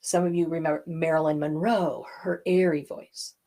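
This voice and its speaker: Expressive female voice coach teaching. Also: deep voice, normal speed. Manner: expressive, demonstrates tones with her own voice. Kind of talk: instructional talk.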